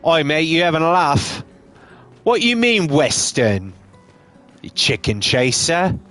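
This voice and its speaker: Dude doing a loud english lowlife voice, mocking and rowdy. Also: male voice, big pitch swings, takes it slowly, faint music behind, exaggerated voice.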